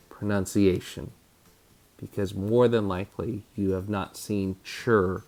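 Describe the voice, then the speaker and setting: A man with a low, gravelly voice leads a children's phonics spelling lesson. He speaks very slowly and patiently, stretching out each syllable. His tone stays encouraging. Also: a little mellow. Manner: slow, patient, over-enunciating and encouraging. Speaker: spelling teacher.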